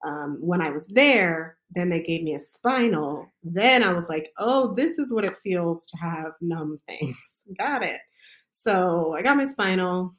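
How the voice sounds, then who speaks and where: Woman, midwife, casual storytelling, slightly low pitch, chatty, lots of fillers. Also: animated, unhurried. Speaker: midwife telling her own birth story.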